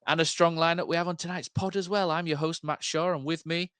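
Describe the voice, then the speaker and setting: A man's voice: on the high side, fairly even intonation, fairly quick, fairly bright tone, clear, resonant tone, dry recording. A man hosting a football podcast, introducing guests with teasing banter. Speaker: podcast host. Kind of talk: casual podcast chat.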